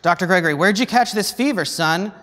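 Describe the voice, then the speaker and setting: A calm country doctor asks his questions in a measured way, as a man reads him. His voice sits a bit high. It rings through a long, reverberant hall.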